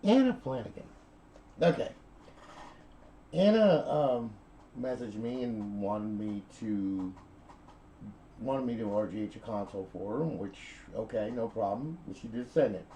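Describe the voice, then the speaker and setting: A man's voice: fairly low pitch, expressive, measured pace, pauses often, mellow, slight background noise, low-quality recording. A middle-aged man telling a console repair story in a chatty, rambling way, checking in with okay and all right as he goes. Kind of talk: rambling casual video talk.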